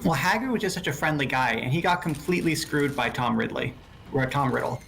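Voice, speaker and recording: A man's voice: medium pitch, animated, brisk, gravelly, a bit bright, a little hiss or hum. A man in casual chat who rambles, corrects himself mid-sentence and laughs often.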